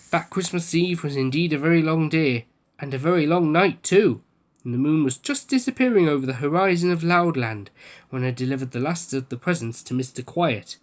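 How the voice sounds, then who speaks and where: A man reading a children's picture book aloud, telling the story with lively delivery. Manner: lively storytelling, raising pitch for quoted speech. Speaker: book reader.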